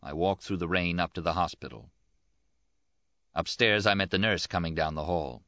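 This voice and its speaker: A man with a very deep voice reading a first-person novel in a plain, measured way. The recording is dry with no room sound, and slightly dull and lo-fi. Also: pushed and bright, no room sound. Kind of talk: audiobook narration.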